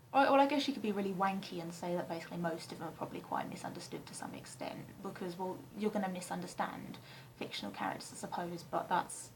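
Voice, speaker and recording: A young woman from England chatting casually to camera in her flat, rambling and self-deprecating with frequent ums and the odd swear word. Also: lowish voice, fast talker, slight background noise, rough recording. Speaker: vlogger answering a tag questionnaire. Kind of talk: casual chat. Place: flat, indoors.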